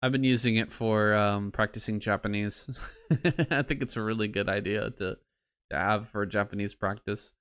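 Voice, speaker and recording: A man in casual podcast chat, talking haltingly with many fillers and restarts. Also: on the low side, fairly even intonation, a bit bright, clear, resonant tone, no room sound, clean studio sound. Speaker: podcast co-host.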